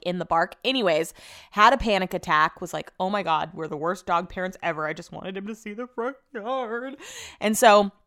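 A woman's voice: on the low side, smooth. A young adult woman hosting a casual solo podcast from home, rambling through everyday stories, swearing casually and laughing often. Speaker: podcast host.

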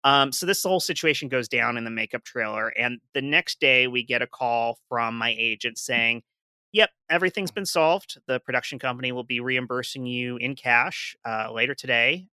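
A man on a podcast panel, recalling a work story in relaxed casual chat full of "like". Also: mid-range voice, moderate pace, clean tone, no echo.

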